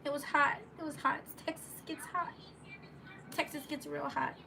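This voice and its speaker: A woman's voice: high-pitched, level tone, normal speed, creaky. A woman telling a personal story to her viewers in a rambling, casual way, full of fillers and restarts, live from home on a phone. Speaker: live-stream vlogger. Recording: noisy home recording.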